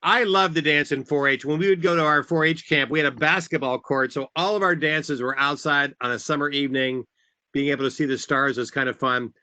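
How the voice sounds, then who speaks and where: A man's voice: a little high, fairly even intonation, brisk, pushed and bright, clear, resonant tone. A man leading a group line dance as event facilitator, upbeat and calling out steps and counts over a video call.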